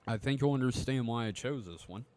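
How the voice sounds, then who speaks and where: A man's voice: mid-range voice, a little fast, a little mellow. A man co-hosting a podcast with a cough, chatting casually, cursing freely and reading out news articles. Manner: rambling, profane, self-mocking. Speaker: podcast co-host.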